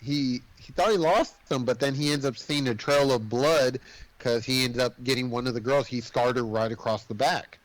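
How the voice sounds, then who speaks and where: A man co-hosting a podcast, casually recapping a film plot in an animated, swearing storytelling manner. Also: mid-range voice, normal speed, no room sound, poor audio. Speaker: podcast co-host. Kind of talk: casual movie recap chat.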